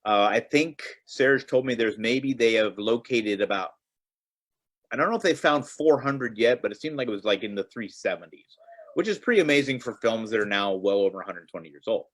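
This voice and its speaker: A man giving a relaxed, chatty talk on a video call, telling stories with many fillers and restarts. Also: on the low side, fairly quick. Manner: conversational storytelling with fillers and restarts. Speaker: guest presenter on film preservation. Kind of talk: casual virtual presentation. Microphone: computer mic on video call.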